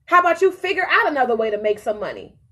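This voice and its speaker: A woman's voice: fairly high pitch, very animated, fast, bright, forceful tone, husky, exaggerated voice. A woman voicing her own heart, blunt and bossy. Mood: defiant. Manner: blunt, scolding, swears casually. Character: her own heart, female, frank, pushy, fed up.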